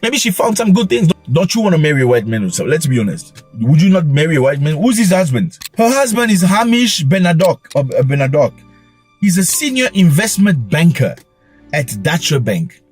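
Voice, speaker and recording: Animated husky-voiced man lecturing. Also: on the high side. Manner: animated, lecturing, with mocking asides. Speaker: channel host. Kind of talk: opinionated commentary vlog.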